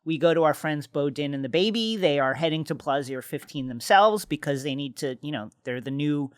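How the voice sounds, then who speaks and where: A man co-hosting a podcast, recapping a TV episode in a relaxed, chatty way with lots of "uh" and "you know.". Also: fairly high pitch, brisk, clear, resonant tone, dry recording, studio quality. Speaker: podcast co-host.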